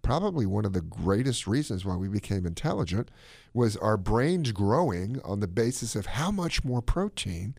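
A man co-hosting a podcast, talking his opinions in a casual, animated way. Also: on the low side, moderate pace, creaky, no room sound. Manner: animated, opinionated, drops into playful put-on accents. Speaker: podcast co-host.

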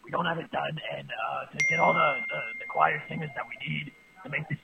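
A man's voice: fairly high pitch, steady tone, a little fast, gravelly, over a noisy crowd, rough recording. A man putting on a flustered composer who stammers while asking for more time and money. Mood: sheepish. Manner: hesitant, stammering.

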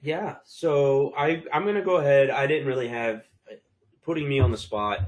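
A man's voice: mid-range voice, moderate pace, low-quality recording. A middle-aged man co-hosting a family podcast, joking and poking fun at himself, often restarting his sentences. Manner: joking, self-deprecating, stammers on restarts. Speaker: podcast co-host, father. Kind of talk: casual family podcast chat.

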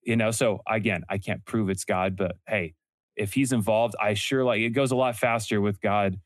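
A man's voice: on the low side, fairly even intonation, no echo, clean studio sound. A young man telling stories earnestly in a casual interview, often correcting himself mid-sentence. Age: young adult. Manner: earnest storytelling, quick self-corrections. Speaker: podcast host and entrepreneur guest.

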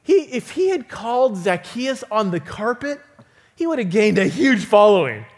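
A man giving a sermon as a guest preacher in a church, telling stories in an animated way, acting out the quoted voices and chuckling often. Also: sits high, moderate pace. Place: church auditorium.

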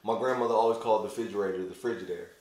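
Casual male co-host, low voice, rambling and loose, recorded in a very echoey room. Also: fairly even intonation, very fast, a little mellow. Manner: loose and rambling, heavy use of "like". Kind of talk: casual conversation.

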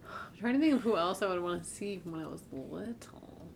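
A young woman in casual chat, animated and playfully dramatic. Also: lowish voice, moderate pace, vocal fry. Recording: faint background noise.

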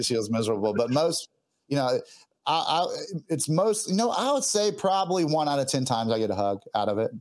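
A man's voice: mid-range voice, a little mellow. Earnest man telling a heartfelt story. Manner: earnest, heartfelt, halting with restarts. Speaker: guest musician. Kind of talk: emotional personal storytelling.

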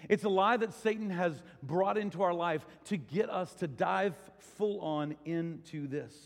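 Male preacher, high-pitched voice, chatty sermon in a big church hall with long echo. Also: a little slow, gravelly. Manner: conversational preaching, rising to excited storytelling. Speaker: pastor. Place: large church auditorium.

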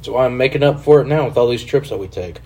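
A man's voice: mid-range voice, expressive, fast talker, darkish tone, breathy edge. A young man hosting a casual podcast, joking, swearing and hyping up introductions like an announcer. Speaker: podcast host.

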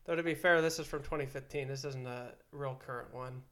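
A man's voice: medium pitch, fairly even intonation, a little fast, a bit bright. A man co-hosting a casual podcast, reading news headlines aloud as a teasing quiz-master. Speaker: podcast co-host.

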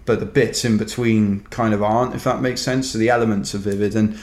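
A man's voice: lowish voice, steady tone, brisk, darkish tone. A Welsh man telling a rambling, wry story in casual chat, dotted with "kind of" and "you know". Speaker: ultrarunner guest. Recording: roomy echo.

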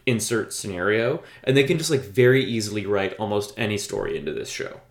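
A man's voice: fairly low pitch, expressive, fairly quick, creaky. Rambling man in a roomy room. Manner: rambling, filler-heavy, enthusiastic. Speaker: podcast co-host. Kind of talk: casual chat.

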